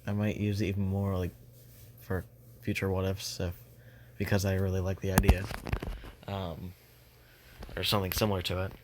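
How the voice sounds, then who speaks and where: A man's voice: low-pitched, completely flat delivery, moderate pace, pauses often, noisy background. A young man casually retelling a fan story, rambling with many fillers and restarts.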